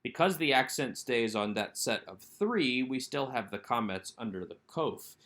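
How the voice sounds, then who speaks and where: A man teaching Biblical Hebrew grammar in a recorded workbook lesson, explaining step by step and slowing down to sound out each word. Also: mid-range voice, lively intonation, fairly bright tone. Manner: methodical, slows down to sound out Hebrew words. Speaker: Hebrew instructor.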